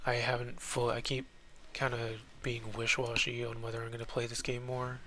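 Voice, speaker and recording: A man's voice: medium pitch, completely flat delivery, normal speed, pushed and bright, slight background noise. A young man giving casual let's-play commentary at a desk mic, rambling and muttering asides as he plays. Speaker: gaming YouTuber.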